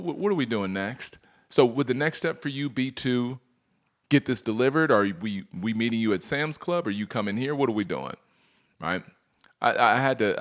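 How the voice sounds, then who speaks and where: A man coaching salespeople in a training presentation, energetic, firing rhetorical questions at his audience and acting out customer dialogues. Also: lowish voice.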